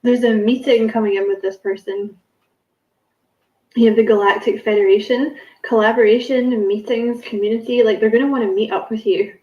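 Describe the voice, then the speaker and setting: A woman's voice: a little high, fairly even intonation, normal speed, echoey room, highs cut off. A woman giving a casual spiritual card reading to camera, musing and rambling with many fillers and self-corrections. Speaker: tarot card reader.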